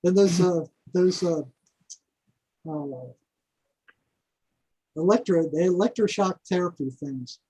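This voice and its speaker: An older man, a podcast guest, telling stories in a casual, animated way, often repeating words and chuckling. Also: high-pitched, slow, long pauses, slightly rough, low-quality recording. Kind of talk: casual storytelling.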